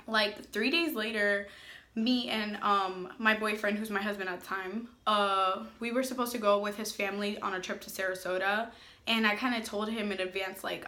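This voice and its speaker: A woman's voice: mid-range voice, steady tone, normal speed, bright, forceful tone, roomy sound. A young adult woman chatting casually in a storytime vlog, full of filler words and "like". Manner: chatty, filler-heavy, lots of "like". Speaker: family vlogger.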